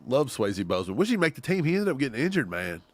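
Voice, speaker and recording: A man's voice: medium pitch, fast. A man from Kentucky co-hosting a fan show, joking in casual livestream banter. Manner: animated, joking.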